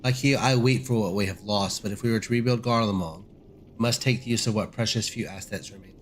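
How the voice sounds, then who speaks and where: A man's voice: lowish voice, fairly quick, slight background noise, close to an everyday voice. A man voicing an indignant older nobleman who scornfully accuses others of treachery. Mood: outraged. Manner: outraged, accusing.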